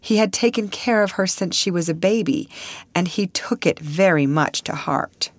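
A woman's voice: lowish voice, moderate pace, no room sound, pitched above the performer's own voice, natural voice. A woman reading an audiobook voices a kindly, polite male soldier who talks in a reassuring, chatty way.

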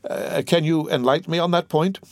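A man voicing a calm, grave priest who speaks in a measured, formal way. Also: on the high side, dry recording, voice pushed up, natural voice. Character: calm, secretly shaken priest. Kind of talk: audiobook character reading.

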